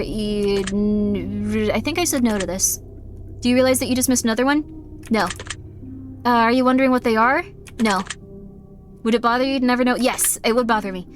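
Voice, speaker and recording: Giggly high-voiced woman streamer. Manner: giggly, apologetic, reading questions aloud. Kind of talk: live gameplay commentary.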